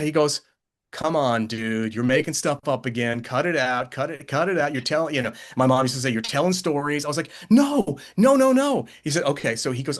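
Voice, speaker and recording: A man in the middle of his pitch range tells a long personal anecdote as a podcast guest. He rambles, restarts, and jumps into animated impressions of the people in his story. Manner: rambling, animated, acts out quoted voices. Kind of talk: casual storytelling.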